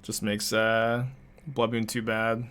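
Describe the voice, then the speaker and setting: Bright-voiced man thinking aloud over gameplay. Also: lowish voice, completely flat delivery, takes it slowly, smooth. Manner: chatty, laughs often, thinks aloud. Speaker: card game streamer. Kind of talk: casual gameplay commentary.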